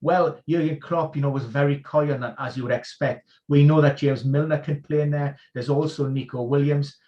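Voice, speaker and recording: A man acting as an injury expert, running through football team news on a live stream in a quick, informed rundown. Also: on the high side, fairly even intonation, highs cut off. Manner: informed, rapid-fire rundown of player news. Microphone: video call.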